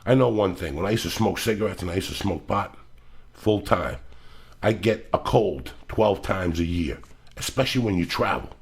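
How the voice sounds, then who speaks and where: Man, gravelly voice, lowish pitch, profane, animated podcast host, middle-aged. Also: normal speed. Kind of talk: casual podcast chat.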